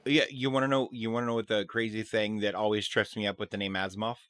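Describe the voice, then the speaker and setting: A man co-hosting a casual stream chat, dropping geeky trivia with deadpan asides. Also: fairly low pitch, fast talker, no room sound. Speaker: stream co-host.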